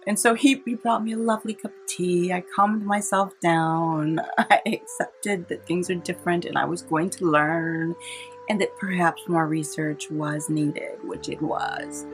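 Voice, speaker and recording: A woman's voice: fairly low pitch, a little slow, a little hiss or hum. A woman from California, a vlogger telling a personal story in a chatty way and laughing often. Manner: chatty, warm-hearted, laughs often, dramatizes quotes. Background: soft instrumental music.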